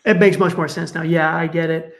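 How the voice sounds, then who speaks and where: A middle-aged man, a sports psychologist guest, speaking in a conversational, animated way and acting out the people in his stories. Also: brisk. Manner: animated, acts out quoted parents with raised pitch. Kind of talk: conversational storytelling.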